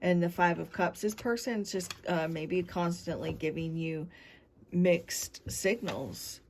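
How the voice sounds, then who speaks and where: Woman tarot reader, lowish voice, unhurried and rambling, speaking to viewers. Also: darkish tone, slight background noise. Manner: meandering, talks straight to viewers. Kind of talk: tarot reading to camera.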